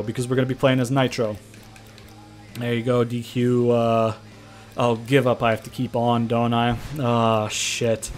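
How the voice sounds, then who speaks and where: A young man giving casual, profane let's-play commentary, trash-talking and excitable as he plays a wrestling game. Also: fairly high pitch. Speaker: gaming commentator.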